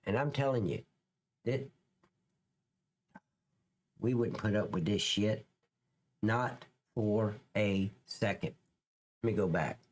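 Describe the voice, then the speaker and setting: A man's voice: fairly low pitch, expressive, measured pace, long pauses. A man, a former police officer, giving blunt, profane commentary over clips in a casual livestream, dragging out words for emphasis.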